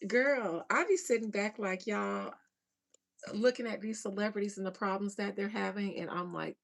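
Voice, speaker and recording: A woman hosting a casual livestream chat, reading viewer comments, slangy and animated, laughing often. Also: mid-range voice, normal speed, vocal fry.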